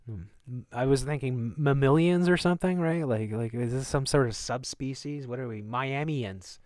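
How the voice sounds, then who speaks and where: Sarcastic male streamer, mid pitch, dry close sound, mocking the news. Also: normal speed, darkish tone, dry recording. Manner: sarcastic, mocking, chuckling asides. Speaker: live-stream host. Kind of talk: live commentary on news clips.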